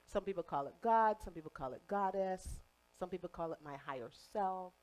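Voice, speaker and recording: Woman, late 30s, from Jamaica, faint accent; conversational speaker at a spiritual center, lower voice. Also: lively intonation, moderate pace, faint music behind, low-quality recording. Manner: warm, conversational, playful asides. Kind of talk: spiritual talk to a congregation.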